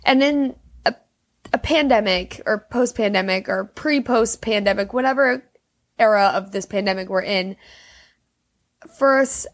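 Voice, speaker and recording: A young woman tearfully telling a personal story in a casual, rambling way, full of fillers. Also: fairly high pitch. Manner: rambling, emotional, heavy use of "like".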